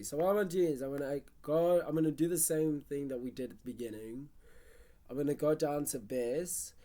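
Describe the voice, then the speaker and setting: Unhurried, lively-pitched streamer who chats and hums while making a track. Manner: chatty, talks to self and chat, hums basslines. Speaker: music producer streaming live. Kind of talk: casual live-stream commentary while producing.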